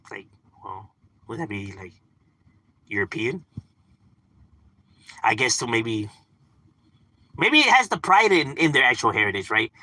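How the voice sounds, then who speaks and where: A lowish, bright, forceful male voice comes through a dry, low-quality recording. He chats casually on a live stream, cursing freely, laughing often and using plenty of "like" and "you know" as he replies to unseen viewers.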